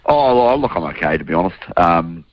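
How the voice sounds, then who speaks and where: A man in his thirties with a New Zealand accent, a politician answering interview questions in a hoarse, croaky voice, earnest and restarting his sentences. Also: sits low, big pitch swings, fairly quick. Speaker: politician guest. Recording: dull, dry remote line.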